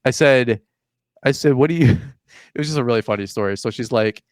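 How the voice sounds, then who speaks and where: Casting: young male podcast host, smooth clear voice, dry close mic, animated storyteller. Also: medium pitch, brisk, no echo. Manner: animated storyteller, acts out dialogue, says "like" often. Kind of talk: casual chat.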